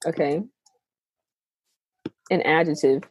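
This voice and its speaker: Young woman co-host, slow unhurried talk, slightly husky, laughs a lot. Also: sits low, fairly even intonation, no echo, rough recording. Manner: giggly, laughs often while talking. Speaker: podcast co-host. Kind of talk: casual chat.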